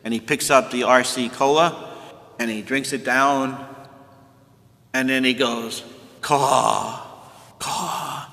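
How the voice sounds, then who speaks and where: Male priest, catechism teacher, folksy and explanatory, bright tone, long church reverb. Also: medium pitch, fairly even intonation, a little slow, pauses often. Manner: folksy, explanatory, self-made memory tricks. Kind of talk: teaching talk to confirmation students.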